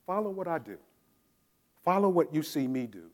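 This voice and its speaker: A middle-aged male pastor preaching a sermon. He moves from a quiet prayer into lively storytelling and calls out loud military commands. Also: fairly high pitch, normal speed. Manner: prays softly, then tells stories with shouted drill commands.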